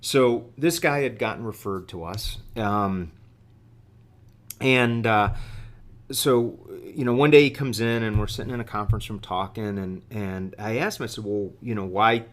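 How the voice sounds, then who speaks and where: Man, middle-aged, lowish voice, halting, lots of fillers, podcast storytelling. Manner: halting, many fillers and repeated words. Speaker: guest executive.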